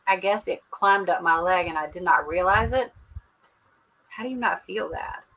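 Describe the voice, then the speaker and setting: Bright-voiced chatty woman livestreaming. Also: fairly low pitch, moderate pace, vocal fry, rough recording. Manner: chatty, laughs often, Southern "y'all". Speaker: livestream host. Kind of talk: casual livestream chat with viewers. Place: at home indoors. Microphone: computer webcam mic.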